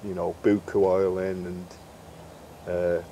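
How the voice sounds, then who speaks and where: Slow and flat in delivery, a middle-aged man with a low, mellow voice tells chatty fishing stories as an interview guest, acting out what people said. He's a carp angler and bait maker in a casual storytelling interview, with slight background noise present.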